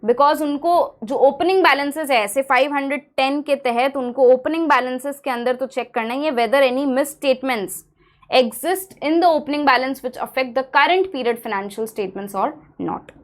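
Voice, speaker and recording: A woman's voice: sits high, racing. A young Indian woman with an Indian English accent giving an exam-prep audit lecture, switching between English and Hindi as she explains. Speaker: audit teacher.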